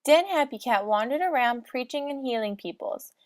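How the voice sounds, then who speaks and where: A woman's voice: high voice, expressive, normal speed, no echo, clean studio sound. A woman narrating a comic storybook in mock-solemn lolcat speak.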